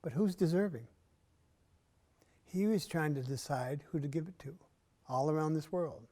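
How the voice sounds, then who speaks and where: Man telling a folk tale slowly. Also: fairly high pitch. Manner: measured, with long dramatic pauses, often dropping soft. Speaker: storyteller. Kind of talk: oral storytelling performance. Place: arts center performance space, indoors.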